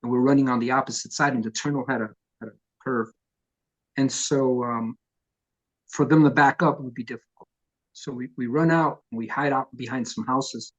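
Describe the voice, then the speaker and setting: A middle-aged man, a punk vocalist telling profane, lively stories in an oral history interview. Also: medium pitch, normal speed. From New York. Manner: profane, animated storyteller who acts out quotes.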